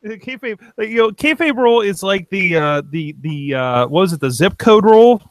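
A man's voice: high voice, animated, moderate pace, dry recording. A man hosting a casual podcast from a home studio, laid-back and rambling, with lots of fillers. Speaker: podcast host. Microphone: webcam setup.

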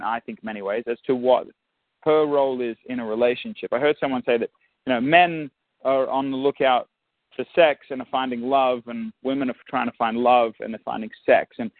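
A man's voice: mid-range voice, dry recording. Australian male guest, reflective and restarting, on a dry phone-line recording. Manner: thoughtful, many restarts. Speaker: musician and actor, guest. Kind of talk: casual interview.

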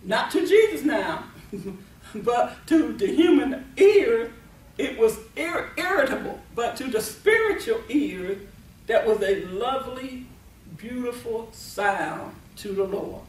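A woman's voice: fairly high pitch, big pitch swings, slow, a little mellow. A woman preaching a sermon at a deliverance meeting, emphatic, laughing often and repeating and restarting her words. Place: meeting venue. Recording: echoey room, voice from far off.

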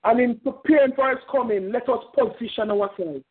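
High-voiced fervent male preacher. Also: brisk, slightly rough. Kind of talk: sermon. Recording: tinny phone-like sound.

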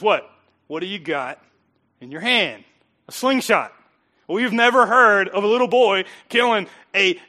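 A middle-aged male pastor preaching a sermon, animated and joking, acting out the people in his stories. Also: high-pitched. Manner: animated, joking, acts out voices.

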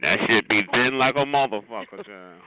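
A man's voice: lowish voice, moderate pace. A man giving teasing, flamboyant gossip commentary, calling people child and honey and laughing often. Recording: tinny phone-like audio with crowd noise.

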